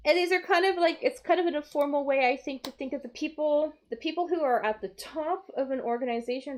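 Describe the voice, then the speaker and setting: A woman's voice: fairly high pitch, slight background noise. A woman teaching English vocabulary on a live stream, thinking aloud as she works through crossword clues. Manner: slow, explaining, thinking aloud.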